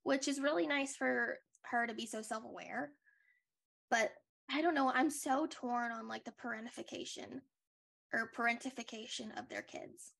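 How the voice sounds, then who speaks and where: Gravelly chatty woman podcast co-host. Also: on the high side, moderate pace, fairly bright tone. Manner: chatty, rambling, frequent likes and restarts. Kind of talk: casual recap chat.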